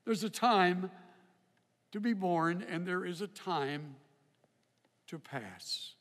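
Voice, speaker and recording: An older man preaching a sermon in a slow, reflective way, with emphatic rises. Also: high-pitched. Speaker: pastor. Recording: hall reverb.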